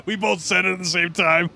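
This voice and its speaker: A man's voice: high voice, fairly even intonation, normal speed, vocal fry, pushed and bright, faint music behind. Tired male host, easygoing and musing, casual game-night banter on a headset. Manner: laid-back, musing aloud. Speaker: gaming channel host. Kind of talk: casual gaming chat.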